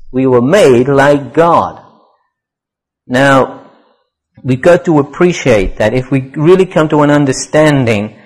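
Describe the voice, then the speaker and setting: A man's voice: on the high side, low-quality recording. A man preaching a sermon, explaining Hebrew words and quoting scripture, repeating key phrases for emphasis. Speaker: pastor.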